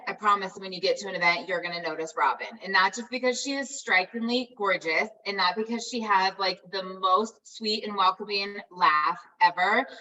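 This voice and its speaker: A woman's voice: mid-range voice, bright, forceful tone. Gushing woman host, slightly distant mic. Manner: gushing, effusive praise. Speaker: host of a team call. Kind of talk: enthusiastic introduction on a team call.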